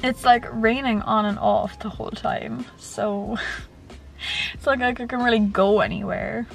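Rambling woman with a gravelly edge. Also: fairly high pitch, steady tone, unhurried. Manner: rambling, says "like" a lot. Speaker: vlogger. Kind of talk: casual chat to camera.

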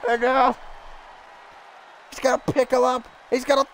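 Hoarse, excitable high-voiced male streamer. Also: measured pace, a faint crowd, a little hiss or hum, poor audio. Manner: excitable, shouts and swears at the game. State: losing his voice. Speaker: streamer playing a wrestling video game. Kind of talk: excited live gameplay commentary.

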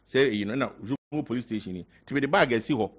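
Older man, Ghanaian accent, halting speech, mixes local words, talk show guest. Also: mid-range voice. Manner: halting, mixing in local words, growing loud when telling a story. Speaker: guest party member. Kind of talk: casual talk show interview.

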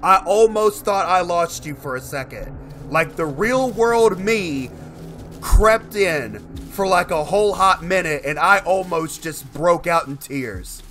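A man's voice: sits high, expressive, measured pace, fairly bright tone, faint music behind. A young man giving emotional, chatty commentary as he plays a horror game and talks to his dog. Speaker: gaming streamer. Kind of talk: casual gameplay commentary.

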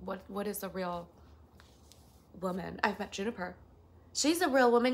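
A woman hosting a casual livestream, reading out and answering viewer messages in a bubbly, excitable way. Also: mid-range voice, moderate pace, gravelly, long pauses. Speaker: livestream host and voice actor.

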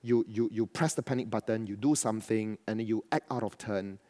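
A man's voice: fairly low pitch, steady tone, fairly quick, dark tone. A man preaching a sermon to his church as pastor, riffing with asides and quoted voices.

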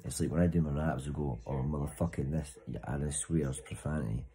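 Very deep-voiced man, sweary banter. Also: a little fast, mellow, poor audio. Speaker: vlogger. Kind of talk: casual chat to camera.

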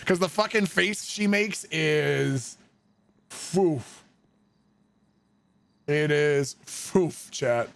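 A male streamer chatting casually with his viewers, excitable and swearing freely. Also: fairly high pitch, slow pace, vocal fry, hardly any pauses, clear, resonant tone, no room sound. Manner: excitable, swearing, laughing often.

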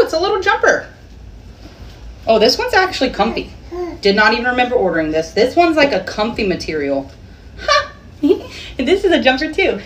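A woman in her thirties, a mom chatting casually and excitably through a shopping haul, laughing easily. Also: medium pitch, far from the mic, a little hiss or hum.

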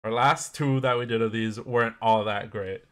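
A man's voice: medium pitch, steady tone, moderate pace, clean tone. A young man giving casual, chatty commentary while opening packs in a video game, laughing often and poking fun at himself. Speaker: gaming YouTuber.

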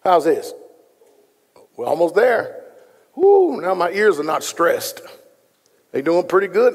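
Gravelly-voiced pastor in an echoing hall. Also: male voice, high-pitched, big pitch swings, a little slow, long pauses. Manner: folksy, joking, talks straight to the room. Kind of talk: sermon with casual asides to congregation. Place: large hall before a live congregation. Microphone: stage microphone being adjusted. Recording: long hall reverb, echoey.

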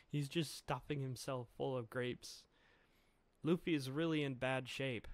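A man's voice: medium pitch, fairly even intonation, slow, pauses often, no room sound. A man with a mid-range voice recaps a comic chapter in a loose, casual way, chuckling often and breaking off to restart his sentences. The sound is dry and close.

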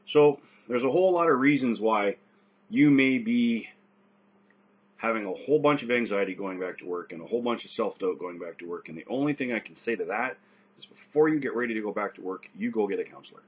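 Husky man giving earnest advice. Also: fairly low pitch, expressive, brisk, muffled recording. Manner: earnest, repeats "right?" often. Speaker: stroke survivor giving advice. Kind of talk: casual advice talk.

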